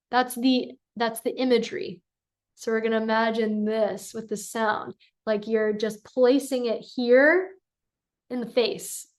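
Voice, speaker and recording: A woman vocal coach giving a singing lesson, calm and encouraging, who breaks into sung syllables to demonstrate. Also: a little high.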